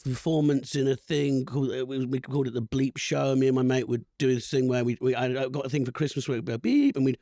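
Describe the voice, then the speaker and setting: A man's voice: mid-range voice, fairly even intonation, quick pace, hardly any pauses, dark tone, no echo. Laughing rambling man, dry mic. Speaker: comedian guest. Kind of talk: casual podcast chat.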